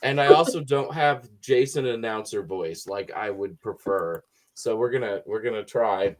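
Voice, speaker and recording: A man on a casual film-review panel, relaxed and self-deprecating. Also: on the low side, moderate pace.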